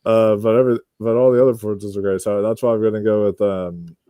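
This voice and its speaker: Man with a dark, low dry voice. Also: no echo. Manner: animated storyteller, does quick voice impressions. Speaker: panelist. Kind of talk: casual panel chat.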